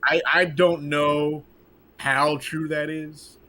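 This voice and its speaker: A man hosting a casual gaming podcast, swearing freely and telling stories with lively energy. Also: on the high side, slow. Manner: profane, animated, acts out quotes. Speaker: podcast host.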